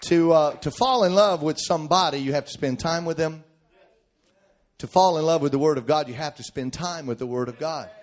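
A middle-aged man preaching a sermon, emphatic and folksy, swinging from shouted points to quiet joking asides. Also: a little high, fairly quick.

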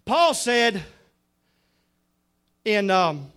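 A preacher delivering a sermon in a strikingly high-pitched voice. He tells his stories in an easy, conversational way and then rises to loud, shouted emphasis on his key points. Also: very animated, extremely slow, clean tone.

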